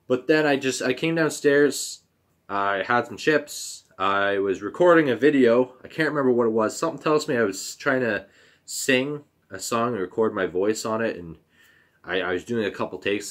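A man's voice: mid-range voice, a bit bright. Young man retelling a hard memory. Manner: halting, emotional retelling with fillers and restarts; blunt, swears casually. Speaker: vlogger. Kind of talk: personal storytime.

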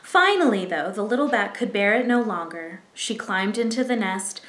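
A woman reading a picture book aloud as a library storyteller, gentle and expressive, with asides to young listeners. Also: mid-range voice, moderate pace, few pauses, reverberant.

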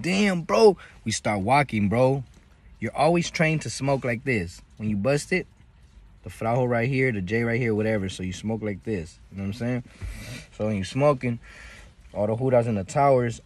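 Slangy husky man telling a story. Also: mid-range voice, normal speed. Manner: slangy, animated, acts out voices in his story. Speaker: vlogger. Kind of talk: casual storytelling.

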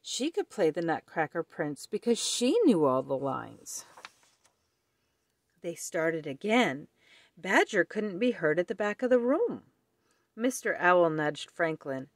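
A woman reading a children's picture book aloud in a slow, expressive storytelling manner. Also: lowish voice, dry recording, clean studio sound.

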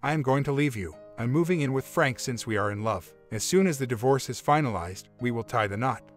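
A man voicing a cold, unapologetic unfaithful wife in a storybook reading, calm and matter-of-fact. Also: medium pitch, a little fast, soft background music, close to an everyday voice.

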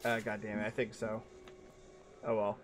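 A young man streaming a video game, chatting casually, swearing and yelling back at what happens on screen. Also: on the low side, moderate pace, noisy background. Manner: excitable, profane, talks back to the game. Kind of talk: casual gaming commentary.

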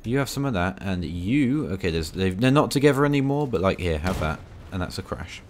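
A man's voice: deep voice, expressive, fairly quick, slight background noise. A man giving rambling, self-mocking commentary while playing a tank game, full of dry asides. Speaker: gaming video creator.

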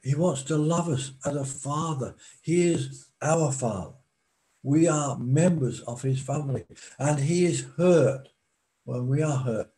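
A man preaching a sermon in a slow, deliberate way, pausing for emphasis. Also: mid-range voice, dark tone, poor audio.

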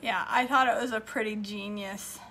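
A woman's voice: medium pitch, steady tone, normal speed, bright, forceful tone, a little hiss or hum. A woman chatting casually in her home kitchen for a cooking vlog, laughing now and then and trailing off. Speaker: vlogger.

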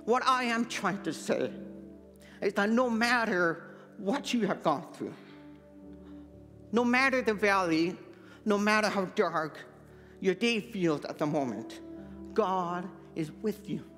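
Speaking slowly with long pauses, a man from Manitoba gives a sincere personal testimony as pastor in a church sanctuary sermon, his accent that of deaf, hard-of-hearing speech. His voice sits high, expressive and fairly bright, in a big-room sound with faint music behind.

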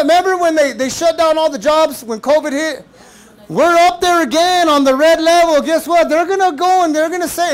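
A male pastor preaching a sermon, animated and casual, with shouted bursts and playful mock voices. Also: very high-pitched. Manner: casual slangy talk.

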